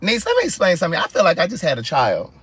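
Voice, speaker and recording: Sassy, animated man ranting in his car. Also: fairly high pitch, fast, husky, no echo. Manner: animated, acts out both sides of phone calls; sassy, exasperated. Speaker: vlogger telling a story. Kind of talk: casual storytelling rant. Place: inside a car.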